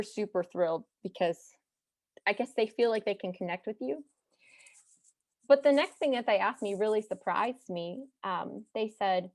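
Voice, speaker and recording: A young woman from Texas with no regional accent, telling a personal story to an audience in a chatty, animated way with side remarks. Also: medium pitch, normal speed, no echo. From Texas, United States.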